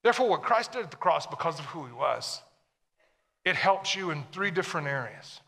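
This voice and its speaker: A man's voice: a little high, animated, fairly quick, creaky, sharp tone, long reverb tail. A man preaching a sermon to a congregation, emphatic and full of questions to the listeners. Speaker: pastor.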